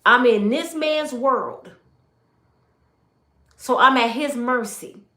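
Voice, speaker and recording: A woman's voice: on the high side, takes it slowly, sharp tone, roomy sound. A woman from Michigan giving an emotional personal testimony, telling her story with animation and speaking straight to her viewers.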